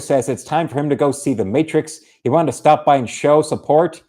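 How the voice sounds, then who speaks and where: Brief: a male artist on a livestream, rambling and hesitant, pitched a little high. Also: a little fast, darkish tone. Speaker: artist streaming while drawing.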